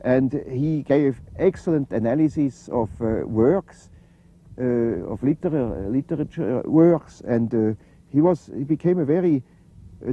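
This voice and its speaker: An older man, answering interview questions in a halting, reflective way with many fillers. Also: mid-range voice, dull audio, a little hiss or hum. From Switzerland. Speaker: interview guest.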